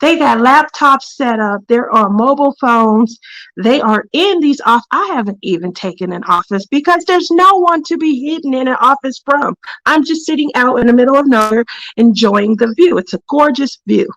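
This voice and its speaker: A woman with a slightly high voice tells a story from her workplace on her craft livestream. She is chatty and laughs often, and she breaks off to greet viewers by name. The sound is close and dry. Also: normal speed, a bit bright, no room sound, poor audio. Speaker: craft channel host.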